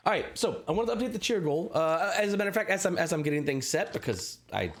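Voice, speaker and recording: A man running a tabletop game on a live stream, narrating scenes in a halting, scattered way and saying he is sick. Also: fairly high pitch, expressive. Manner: scattered, halting, lots of restarts. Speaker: game master.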